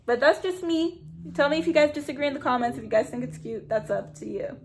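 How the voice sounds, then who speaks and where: Blunt, sarcastic woman with a higher voice. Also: lively intonation, quick pace. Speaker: YouTuber reviewing a reality show. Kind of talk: casual commentary.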